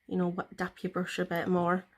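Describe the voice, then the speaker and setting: Chatty woman, flat voice. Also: lowish voice, moderate pace. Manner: chatty, rambling, many fillers and restarts. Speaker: nail tutorial vlogger. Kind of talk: casual step-by-step tutorial.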